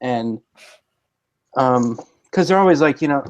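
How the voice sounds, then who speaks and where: A man's voice: medium pitch, animated, measured pace, lo-fi sound. A man chatting casually in a group, giving firm opinions in a mock-stern way. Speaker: podcast guest.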